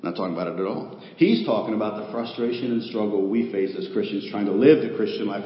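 A male pastor preaching a sermon to a congregation, swinging from loud declarations to quiet pleas. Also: lowish voice, fast talker, hardly any pauses. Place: church sanctuary with a congregation. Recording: echoey hall, dull lo-fi sound with faint noise.

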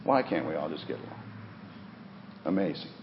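A man preaching a sermon with earnest emphasis, rising for key points and dropping low, in a church sanctuary. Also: lively intonation, moderate pace, a little hiss or hum. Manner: earnest, rises for emphasis then drops low, repeats words. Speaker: pastor. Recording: dull roomy recording with long reverb.

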